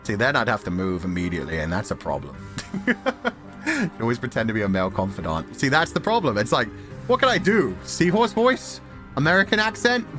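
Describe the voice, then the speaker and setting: A man's voice: fairly low pitch, big pitch swings, quick pace, bright, forceful tone, soft background music. A man streaming and chatting casually with his viewers, rambling and laughing often between remarks. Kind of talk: casual livestream chat.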